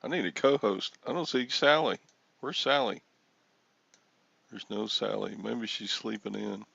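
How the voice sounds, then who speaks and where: A man's voice: on the low side, a little slow, creaky, bright, forceful tone, husky, dry recording, muffled recording. A man hosting a casual livestream chat, joking and rambling, with frequent chuckles. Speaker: livestream host.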